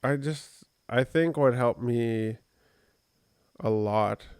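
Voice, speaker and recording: A man's voice: mid-range voice, takes it slowly, darkish tone, smooth, dry recording, clean studio sound. A man co-hosting a podcast, telling a personal story in a rambling, conversational way with many fillers. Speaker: podcast co-host. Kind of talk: casual podcast chat.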